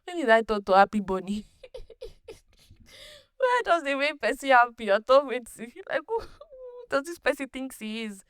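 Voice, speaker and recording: A woman hosting her own podcast, telling a personal story in a casual, animated way, laughing often and restarting sentences. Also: high-pitched, a little slow, pauses often, clean tone, dry recording, clean studio sound. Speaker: podcast host.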